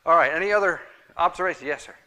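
A man's voice: on the high side, quick pace, sharp tone. A man teaching a Bible study class, emphatic and repeating his key points, taking questions from the room.

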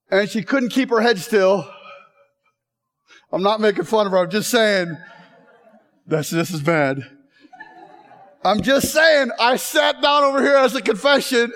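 A man preaching in a chapel, joking and then growing emotional and loud. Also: extremely high pitch. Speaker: chapel speaker. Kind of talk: humorous sermon.

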